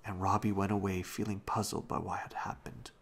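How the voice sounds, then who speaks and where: A man slowly reading a children's novel aloud as a bedtime story at home, often hushed. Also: low voice, steady tone, vocal fry, slightly rough. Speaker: reader.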